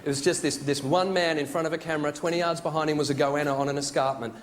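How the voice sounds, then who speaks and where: A man's voice: a little high, fairly even intonation, fast. An Australian man hosting an awards ceremony, telling jokes in a dry, wry stand-up monologue in a large theatre. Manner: dry, wry joke delivery. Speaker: awards show host. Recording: live stage with crowd and noise.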